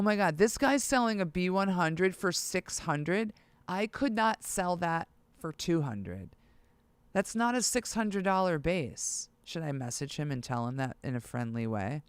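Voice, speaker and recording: Producer vlogger, excitable self-talk, animated pitch, smooth clear tone. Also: no room sound. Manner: excitable, talks to self while browsing listings. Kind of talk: casual vlog talk to camera.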